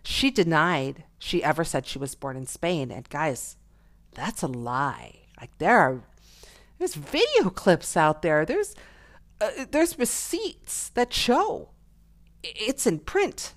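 A woman's voice: deep voice, slow. A middle-aged woman hosting her own podcast, talking casually and chattily with frequent laughs. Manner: chatty, gossipy, laughs often, animated. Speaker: podcast host. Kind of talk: casual solo podcast monologue.

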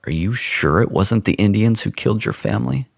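A man voicing a stout, gruff, domineering frontier Indian agent who gives curt, menacing orders. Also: fairly low pitch, brisk, no room sound, clean studio sound, exaggerated voice. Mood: smooth.

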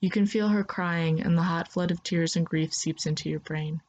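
A woman's voice: fairly low pitch, steady tone, normal speed, darkish tone, muffled recording. Woman narrating a second-person story.

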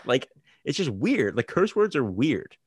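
A man's voice: mid-range voice, sing-song, unhurried, breathy edge, dry recording. A young man, a college student, talking casually and ramblingly, full of "dude" and "like". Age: young adult. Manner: chatty, rambling, "dude" and "like" fillers. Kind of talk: casual chat.

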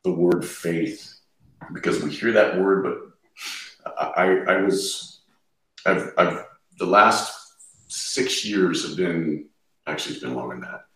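A man's voice: low-pitched, takes it slowly, pauses often, a bit bright. A man, a podcast guest, earnestly sharing his faith and quoting scripture freely in conversation. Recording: echoey, distant from the mic.

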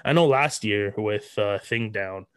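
A man hosting a sports podcast, chatting casually with halting speech and many fillers. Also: lowish voice, clean tone. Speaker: podcast host.

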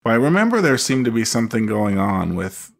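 A man co-hosting a podcast, chatting casually and haltingly about a film. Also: mid-range voice, big pitch swings, creaky. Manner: hesitant, full of fillers and restarts. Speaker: podcast co-host. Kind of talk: casual film commentary chat.

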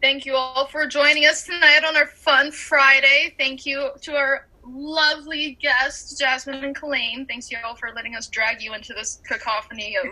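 Woman, podcast co-host, high voice, very bright tone, laughing game-show announcing. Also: little pitch movement, moderate pace, hardly any pauses, poor audio. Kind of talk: casual podcast chat.

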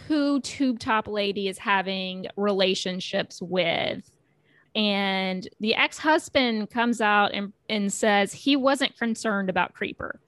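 Woman, podcast co-host, very unhurried pace, dry studio sound, measured summaries. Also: mid-range voice, fairly bright tone, no echo. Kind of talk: casual recap chat.

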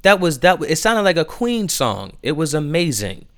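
Gushing, excitable male podcast host. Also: fairly high pitch, normal speed. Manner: excitable, gushing, many restarts. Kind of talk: casual music review chat.

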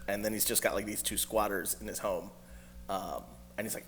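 A man's voice: fairly low pitch, steady tone, fairly quick, a little hiss or hum. A man telling a rambling movie story in a casual podcast chat, full of fillers and laughing asides.

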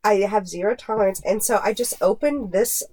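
A woman hosting a podcast in casual chat, animated and quick to laugh. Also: medium pitch. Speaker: podcast host.

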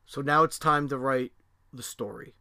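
Rambling middle-aged man with a forceful voice. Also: mid-range voice, fairly even intonation, normal speed, clean tone, no echo, clean studio sound. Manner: rambling, many fillers and restarts, swears freely. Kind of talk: casual storytelling chat.

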